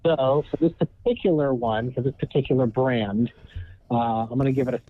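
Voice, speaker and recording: A man's voice: mid-range voice, moderate pace. A man calling in to give a beer review, hesitant and full of fillers. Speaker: caller. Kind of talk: casual phone-in beer review. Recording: tinny phone line.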